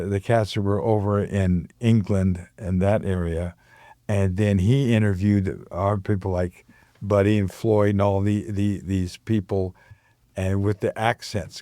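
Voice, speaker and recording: A man's voice: on the low side, warm tone, no room sound, clean studio sound. An older man, a musician guest on a community radio show, telling rambling stories and giggling often. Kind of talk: casual radio conversation.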